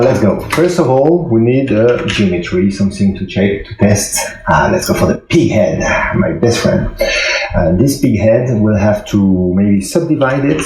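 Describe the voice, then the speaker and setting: A man with a French accent, a non-native speaker, walks through a software tutorial, hesitant and full of fillers, recorded on a phone microphone. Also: creaky, a little hiss or hum. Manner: hesitant, many fillers, talks through steps. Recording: echoey room, low-quality phone mic, soft music.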